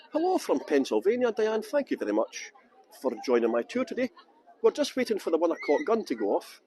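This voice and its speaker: A man's voice: high-pitched, mellow, poor audio. A middle-aged Scottish man guiding a live-streamed tour outdoors, chatting and joking as he greets viewers by name. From Scotland. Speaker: tour guide.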